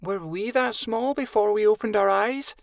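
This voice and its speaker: Guy putting on a tiny timid girl wolf, very high soft voice, wide-eyed and awed. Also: normal speed, gravelly, dry recording, clean studio sound.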